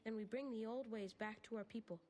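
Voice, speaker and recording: A woman's voice: a little high, brisk, a little mellow, slight background noise, close to an everyday voice. An actress playing a young female elf in a video game, speaking in a proud, earnest way.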